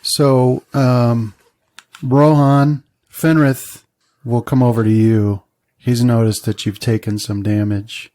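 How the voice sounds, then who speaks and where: Running a tabletop session, this game master lays out scenes at a slow, easygoing pace, often pausing on fillers. His voice is medium-pitched.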